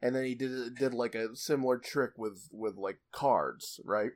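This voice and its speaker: A man's voice: medium pitch, unhurried. Rambling young man telling a story. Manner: rambling, many restarts and fillers, laughs a lot. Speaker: podcast co-host telling a story. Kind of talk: casual storytelling chat.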